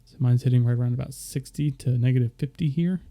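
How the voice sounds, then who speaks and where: Talking fast in a mellow, mid-range voice, the streamer rambles through an explanation of his audio setup. It's a casual screen-share tutorial, peppered with fillers.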